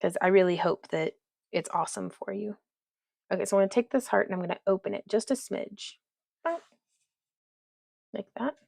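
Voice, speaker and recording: A woman's voice: medium pitch, normal speed, creaky, pauses often, a little mellow, no room sound, clean studio sound. A woman hosting a casual crafting livestream, chatting as she works and reading viewer comments aloud. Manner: chatty, reads viewer comments aloud, talks to her dog.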